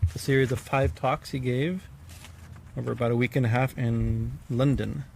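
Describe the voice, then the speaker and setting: Male swami, gravelly voice, informal halting discourse with frequent fillers and bursts of emphasis, faint background hiss. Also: mid-range voice, fairly even intonation, darkish tone. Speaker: swami giving a scripture class.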